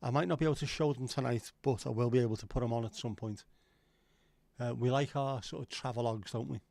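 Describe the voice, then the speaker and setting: A man's voice: mid-range voice, fast talker, gravelly, darkish tone, no room sound. A middle-aged man hosting a casual livestream, rambling, swearing now and then and answering chat comments. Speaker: livestream host.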